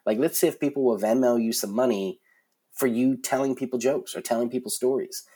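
A man in his forties telling stories as a guest in a casual interview, animated, with many fillers and restarts. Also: medium pitch, brisk, husky. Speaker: concert production guest.

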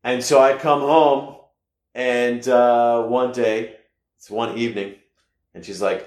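A man from the United States telling a personal story casually, rambling with halting restarts and sudden loud bursts. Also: medium pitch, steady tone. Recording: echoey room.

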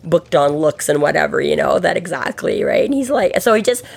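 A woman's voice: sits low, brisk, creaky, a little hiss or hum. A woman co-hosting a podcast in casual chat, acting out quoted lines with a lot of laughter. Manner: animated, acts out quotes with laughter. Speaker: podcast co-host.

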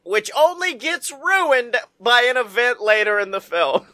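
A man with a bright, forward voice chats loosely on a podcast, cursing and laughing as he recaps scenes. His delivery is animated and crude, like a friend venting about a terrible film. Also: extremely high pitch, a little slow. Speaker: podcast co-host. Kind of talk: casual movie review chat.

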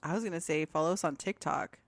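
A woman's voice: sits low, quick pace, dry recording. A woman co-hosting a podcast as a therapist, playful and laughing often, with a frog in her throat. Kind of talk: casual podcast chat.

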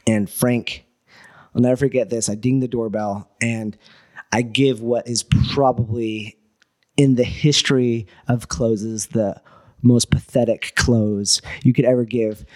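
A man, a guest entrepreneur, telling a story in casual talk, swearing and acting out what people said. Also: medium pitch. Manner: animated, swearing, acts out quoted dialogue.

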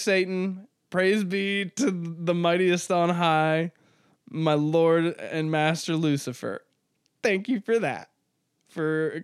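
Profane man with a smooth, fairly high voice. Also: a bit bright, no echo, studio quality. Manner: rambling, profane, laughs at his own jokes. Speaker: podcast host. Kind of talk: casual solo podcast monologue.

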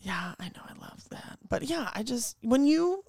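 Relaxed young woman co-host chatting. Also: a little high, moderate pace, breathy edge, dry recording, studio quality. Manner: relaxed, agreeable, swears casually. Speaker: podcast co-host. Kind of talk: casual chat.

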